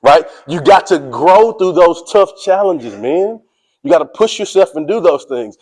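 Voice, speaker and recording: A man giving a motivational speech to a sports team, energetic and preachy, speaking in casual slang and calling out to his listeners. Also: fairly high pitch, unhurried, low-quality recording. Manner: casual slang, drawls "y'all".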